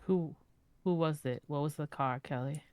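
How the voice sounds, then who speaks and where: A woman's voice: deep voice, moderate pace, darkish tone, smooth, dry recording. A woman in character in a role-play game, blunt and concerned, swearing and calling others "man". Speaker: fellow player in a city role-play game.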